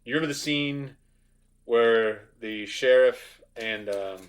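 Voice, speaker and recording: A man's voice: medium pitch, takes it slowly. A young man hosting a reaction show, chatting casually and swearing often. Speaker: host of a reaction channel. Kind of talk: casual chat.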